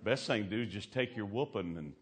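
A man preaching a sermon in church, telling folksy stories with laughing asides and swinging between loud and hushed. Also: lowish voice, expressive, fast, noisy background. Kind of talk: sermon with storytelling.

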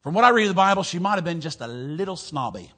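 A man preaching in a high register. He delivers an emphatic sermon, punctuated by amens, that swings from loud declarations to quiet, low asides. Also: expressive, fast. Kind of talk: fiery sermon.

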